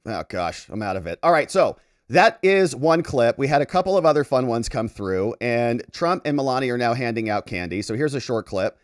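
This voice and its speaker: A man's voice: medium pitch, fairly quick, no room sound, clean studio sound. A man hosting a casual commentary show, chatting and joking as he reacts to clips. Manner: animated, chatty, jokey asides. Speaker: lawyer commentator, host.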